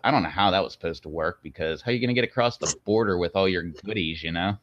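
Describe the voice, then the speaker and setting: Deep-voiced rambling man chatting. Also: fast talker. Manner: rambling, filler-heavy, jokey. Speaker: channel host. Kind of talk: casual chat on a video stream. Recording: dull, dry low-fidelity audio.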